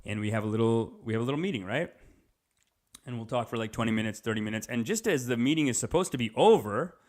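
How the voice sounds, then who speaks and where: Animated rambling male comedian. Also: medium pitch. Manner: animated, acts out quick character voices. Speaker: comedian podcast host.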